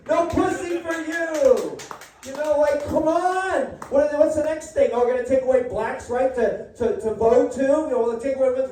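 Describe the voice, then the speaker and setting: A man's voice: very high voice, warm tone. A man doing a rambling, profane stand-up rant at an open mic in a coffee shop, often stumbling over his words. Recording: echoey room from far off.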